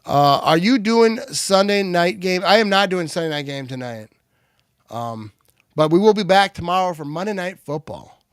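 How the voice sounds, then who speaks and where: A man hosting a live game watch party, switching between excited play-by-play calls and relaxed chat. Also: sits high, normal speed, smooth, no room sound, studio quality. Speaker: livestream watch party host.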